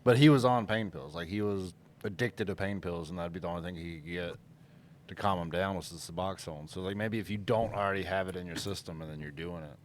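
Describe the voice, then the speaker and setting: A man's voice: sits low, fairly quick. A man co-hosting a podcast in casual chat, laid-back and mostly chiming in briefly. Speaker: podcast co-host.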